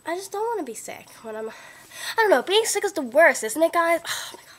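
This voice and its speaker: A young woman with a cold chatting excitedly about her favorite makeup, gushing and full of "like" and "oh my God", recorded on a computer webcam mic at home. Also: very high voice, brisk. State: sick, voice lower than usual. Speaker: beauty vlogger. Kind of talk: casual chat. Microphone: built-in computer webcam mic.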